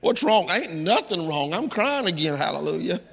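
Gravelly, high-pitched preacher man. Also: big pitch swings, moderate pace, in a large hall. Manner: folksy preaching that rises to impassioned shouting. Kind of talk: sermon.

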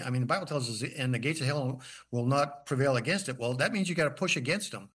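A man's voice: mid-range voice, animated, quick pace, a bit bright, in a large hall. A male pastor speaking earnestly and emphatically in recorded remarks. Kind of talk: recorded remarks and telling an anecdote.

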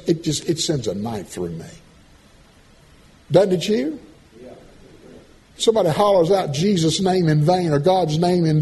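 A man preaching a sermon, folksy and animated, swinging from loud calls to soft asides. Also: fairly high pitch, slight background noise.

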